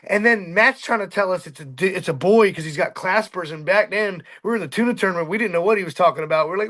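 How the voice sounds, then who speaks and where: A middle-aged boat captain with a high, bright voice spins fishing tales in easygoing talk, talking fast with few pauses. Animated, he bursts into shouted quotes and acts out every character himself.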